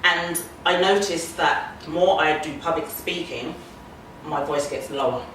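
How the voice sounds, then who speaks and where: A woman's voice: low-pitched, measured pace, noisy background. A British woman, an HR consultant and singer, chatting easily as an interview guest and often agreeing with "yeah" and "mm-hmm". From Britain. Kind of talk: relaxed interview conversation. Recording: echoey room, speaker far from the mic.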